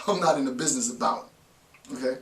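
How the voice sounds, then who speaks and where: A man's voice: medium pitch, distant mic. Emphatic man lecturing in an echoey room. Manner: emphatic, repeats "right?" often. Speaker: philosophy lecturer. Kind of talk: informal lecture.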